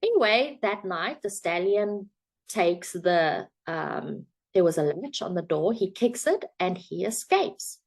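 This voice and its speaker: A woman's voice: medium pitch, lively intonation, slow. A woman coach telling a parable and drawing a motivational lesson from it, in a chatty storytelling way with some fillers. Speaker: self-help coach.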